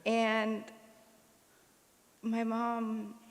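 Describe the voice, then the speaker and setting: Gravelly woman eulogizing in a hall. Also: fairly high pitch, completely flat delivery, drawn-out words. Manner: emotional, rambling, many fillers. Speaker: daughter giving a eulogy. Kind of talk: memorial tribute speech. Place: concert hall. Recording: long hall reverb.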